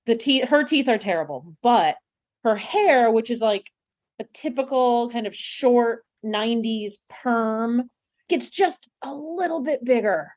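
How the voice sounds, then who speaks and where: A woman's voice: on the high side, animated, a little mellow. A woman co-hosting a podcast, chatting casually and gushing about a TV episode. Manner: effusive, gushing, quick to laugh along. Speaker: podcast co-host. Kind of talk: casual chat recapping a TV episode.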